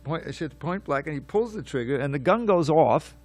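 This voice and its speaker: Speaking at a normal speed in a fairly high voice, a scripture class teacher recounts a story animatedly, often repeating words and restarting sentences. There's no room sound.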